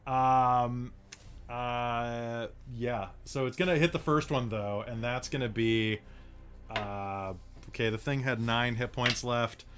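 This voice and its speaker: Bright-voiced casual male game master. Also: medium pitch, steady tone, slow. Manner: casual, rambling with fillers. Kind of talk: narrating a tabletop game.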